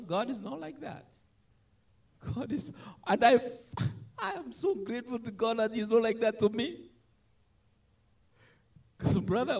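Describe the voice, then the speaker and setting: A man preaching a sermon, animated, swinging between loud emphatic lines and soft asides. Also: sits high.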